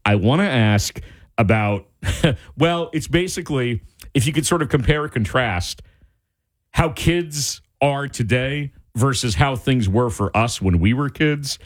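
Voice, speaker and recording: A man's voice: mid-range voice, expressive, a little slow. A middle-aged man hosting a talk radio show, ranting in an exasperated, casual monologue.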